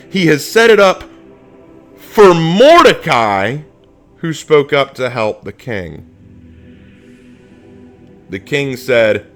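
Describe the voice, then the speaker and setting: A man teaching a Bible study dramatically, acting out scenes in voices. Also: fairly high pitch.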